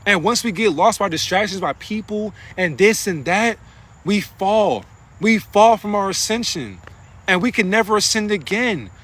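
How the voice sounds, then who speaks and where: A man's voice: high-pitched, expressive, moderate pace, a bit bright. A man delivering a rambling, profane spiritual monologue into his phone, preaching in a casual way. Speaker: spiritual vlogger.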